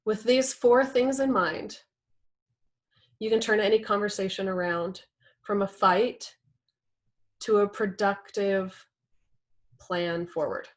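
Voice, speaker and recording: A woman's voice: medium pitch, fairly even intonation, takes it slowly, long pauses. A young adult woman instructor teaching a class in a conversational way, often checking in with "right?" and acting out example quotes. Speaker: workshop instructor.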